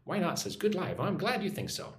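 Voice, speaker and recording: Lively American man teaching English live. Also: high-pitched, brisk, echoey room. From United States. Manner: upbeat, reads viewer names aloud, models phrases to repeat. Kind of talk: casual live-stream lesson, reading chat comments. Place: home in a Vietnamese city.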